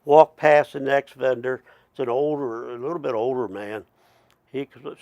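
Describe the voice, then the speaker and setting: A middle-aged man telling a personal story in a casual, rambling way, with halting restarts and asides. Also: mid-range voice, fairly even intonation, a little mellow, dry recording, lo-fi sound. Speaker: storyteller, Métis chief.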